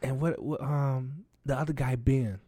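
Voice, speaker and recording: A man in his forties, a former teammate, chatting casually and quietly, often trailing off and agreeing. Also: medium pitch, fairly even intonation, measured pace, husky, dry recording. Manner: soft-spoken, affirming, trails off and laughs. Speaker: former college football teammate. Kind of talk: casual chat.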